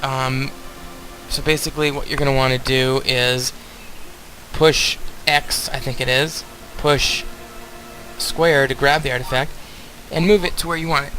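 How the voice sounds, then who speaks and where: A man's voice: mid-range voice, bright, forceful tone, low-quality recording. A young man casually commenting on a video game as he plays, rambling and talking straight to his viewers. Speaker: let's play host.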